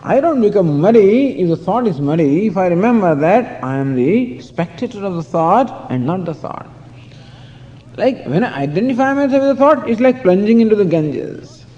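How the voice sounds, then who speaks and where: A man's voice: sits high, sing-song, moderate pace, mellow. A man giving a scriptural discourse as a spiritual teacher, telling stories with chuckles and saying "you know" often. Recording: dull lo-fi recording in a hall.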